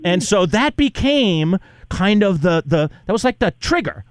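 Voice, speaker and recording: A man's voice: sits high, measured pace, clean tone, no echo, studio quality. A male radio host telling stories in casual chat, acting out both sides of old on-air exchanges. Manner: animated, acts out both sides of past exchanges in voices.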